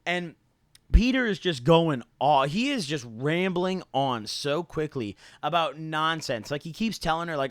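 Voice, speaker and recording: Young man, somewhat high voice, dry close sound, rambling slangy storytelling, casual vlog. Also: big pitch swings, moderate pace, dry recording. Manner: rambling, slangy, lots of "like" and "dude", swearing freely. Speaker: YouTuber.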